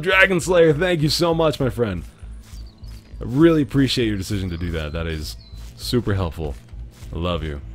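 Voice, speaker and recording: A man hosting a let's-play video, commenting as he plays; excitable, dropping from quiet muttering to sudden loud yelps and laughter. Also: on the low side. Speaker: gaming video host.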